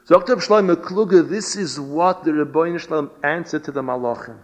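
A man giving a storytelling sermon as a rabbi, animated and weaving Hebrew and Yiddish terms into his English. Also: on the high side, fairly quick. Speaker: rabbi giving a Torah lecture. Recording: dull lo-fi recording.

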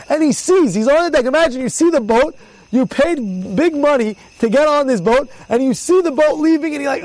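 This rabbi speaks briskly in a very high voice while giving an informal Torah lesson, and the recording quality is low. He narrates with energy, repeats words to stress them, and loudly plays out the people he describes.

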